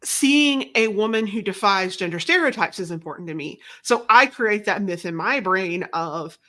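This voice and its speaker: A woman's voice: mid-range voice, expressive, normal speed, pushed and bright. A woman guest talking casually in an interview, rambling and self-deprecating, often restarting her sentences. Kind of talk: casual conversation.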